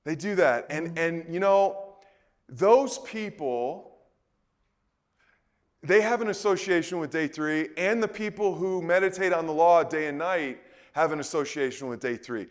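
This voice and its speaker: A man preaching a sermon in a conversational way, full of rhetorical questions, moving between soft and loud delivery. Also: fairly high pitch, unhurried. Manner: conversational, repeats words.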